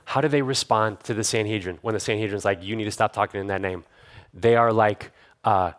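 A man's voice: lowish voice, brisk. A man pastor preaching a sermon in a church, talking casually and then building to fervent emphasis. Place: church sanctuary.

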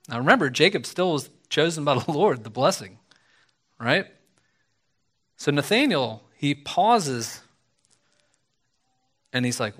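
A man preaching a sermon in a casual, conversational way, often acting out quoted lines with lively asides. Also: a little high, unhurried, long pauses. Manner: conversational, animated, acts out quoted speech.

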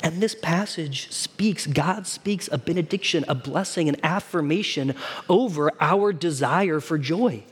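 A man's voice: fairly high pitch, a little slow, breathy edge. A man preaching a sermon to his congregation in a casual, conversational way, often asking them questions. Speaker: pastor. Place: church hall.

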